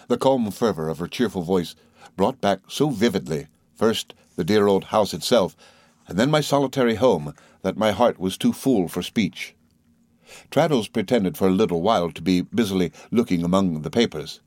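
A man narrating a classic novel at a measured, even pace in a reflective tone. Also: low voice, no echo. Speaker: audiobook narrator. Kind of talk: scripted narration.

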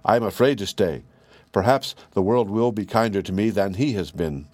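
Man reading as a gentle young prince. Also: lowish voice, moderate pace, dry recording, natural voice. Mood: afraid. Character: tender-hearted young prince, gentle boy.

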